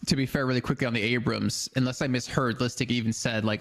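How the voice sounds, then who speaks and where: A man co-casts an esports match in a loose, chatty way, hedging often as he weighs each pick. His voice sits in an ordinary middle pitch. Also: steady tone, quick pace, vocal fry. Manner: casual, hedging with fillers like "I mean". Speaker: esports co-caster. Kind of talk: esports analysis commentary.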